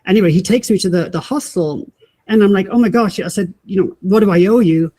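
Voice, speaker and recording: A woman, a podcast guest telling a personal story in animated fashion, acting out the voices of people she met and often restarting her sentences. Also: medium pitch, fairly quick. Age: 50s. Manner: acts out quoted voices, frequent restarts.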